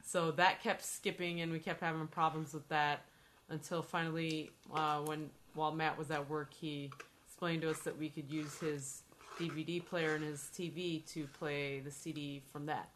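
Podcast host, woman, low pitch, bright, chatty and playful storyteller. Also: little pitch movement, normal speed, slight background noise. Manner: chatty, playful, swears and teases. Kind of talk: casual chat.

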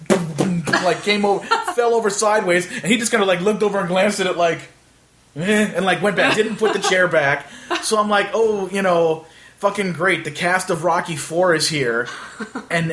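A man's voice: high voice, a little fast, sharp tone, slight background noise. A man casually telling a long anecdote in a chat, rambling with many fillers and acting out the other people in it.

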